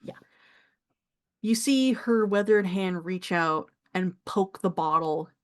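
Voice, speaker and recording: A woman narrating as game master and voicing characters, playful and quick to laugh and swear. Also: on the low side.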